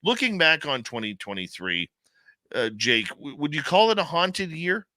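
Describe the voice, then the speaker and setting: Bright-voiced male radio host. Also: on the high side, normal speed, no echo. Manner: animated storyteller, laughs easily. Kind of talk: casual radio talk, storytelling.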